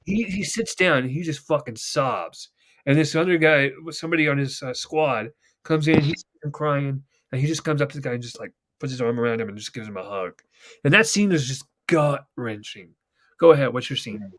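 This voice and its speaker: A man's voice: medium pitch, moderate pace, fairly bright tone. A young man hosting a casual podcast, rambling and swearing as he retells TV scenes at length. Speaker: podcast host. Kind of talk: casual chat.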